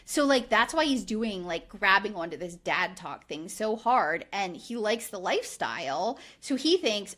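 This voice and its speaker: A woman's voice: mid-range voice, measured pace. A woman co-hosting a podcast, chatting casually with lots of "like" and acted-out quotes. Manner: animated, frequent "like", acts out quoted lines. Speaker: podcast co-host. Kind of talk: casual recap chat.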